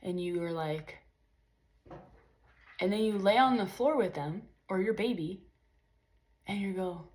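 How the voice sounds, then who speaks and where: A woman's voice: medium pitch, a little slow, long pauses, darkish tone. A young woman talking in a casual, rambling vlog monologue, frank and profane with lots of fillers. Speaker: spiritual vlogger.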